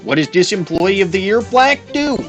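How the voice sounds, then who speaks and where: A stubborn, boastful Canadian guy, as a man puts him on while streaming a game. His voice sits a little high and swings widely, and he tacks "there, eh?" onto every line in a heavy put-on Canadian accent. Quiet game music plays underneath. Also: very animated, a little fast, lo-fi sound. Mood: hammy folksy. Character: folksy exaggerated Canadian man, stubborn braggart.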